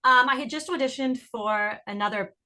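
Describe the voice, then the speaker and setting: A woman in her thirties speaks with a British accent blurred by years of American speech. Her voice is bright and forceful, and her answers come chatty and bubbly. She sounds like a guest at ease in a relaxed interview. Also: high-pitched, moderate pace. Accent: mixed British and American. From England. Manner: bubbly, laughs often, chatty. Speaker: actress guest.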